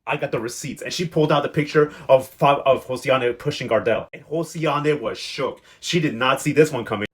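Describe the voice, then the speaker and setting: Young man, sassy slangy recap, rapid-fire delivery, mid pitch. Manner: chatty, sassy, slangy commentary. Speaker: recap vlogger. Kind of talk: casual episode recap.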